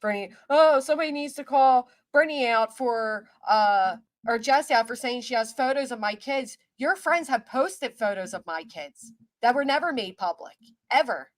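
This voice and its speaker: A woman's voice: fairly high pitch, lively intonation, moderate pace, dry recording. A woman hosting a casual livestream, talking in an indignant, ranting way. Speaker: livestream host.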